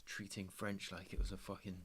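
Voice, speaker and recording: A man's voice: deep voice, completely flat delivery, a little fast, fairly bright tone, a little hiss or hum. A young man chatting casually while trading, laid-back and slangy, swearing freely. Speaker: trader streaming his trading. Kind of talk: casual chat.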